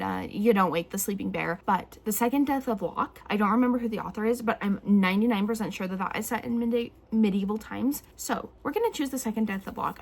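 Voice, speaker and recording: A woman's voice: medium pitch, husky. A young woman chatting casually to camera about her reading plans, rambling with many fillers. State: teary, emotional. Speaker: booktuber.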